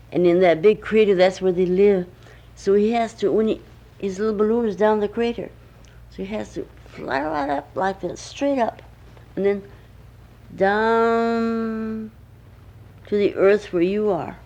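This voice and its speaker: A woman's voice: medium pitch, a little slow, pauses often, dark tone, lo-fi sound. An older woman, a grandmother, telling a homemade bedtime story at home with chatty asides to the listening child.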